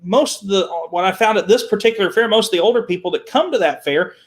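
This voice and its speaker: A man telling animated stories as a guest on a talk show, repeating words and acting out the people he quotes. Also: high-pitched, fast talker. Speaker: guest, children's entertainer. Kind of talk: animated storytelling.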